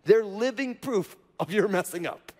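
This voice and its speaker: High-voiced preacher in a reverberant hall. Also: male voice, lively intonation, moderate pace, a little mellow. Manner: conversational preaching with frequent rhetorical "right?". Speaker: pastor. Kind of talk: sermon. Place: church auditorium. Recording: long reverb of a church hall.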